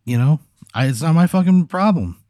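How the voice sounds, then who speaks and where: A man's voice: a little high, expressive, normal speed, mellow, dry recording, studio quality. A man co-hosting a comedy podcast, exasperated and swearing often as he reacts. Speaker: podcast co-host.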